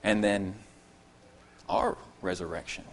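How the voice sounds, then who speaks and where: A man preaching an expository sermon to his congregation, earnest and emphatic, repeating key phrases and dropping to quiet asides. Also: on the low side, huge pitch swings, slow, slight background noise.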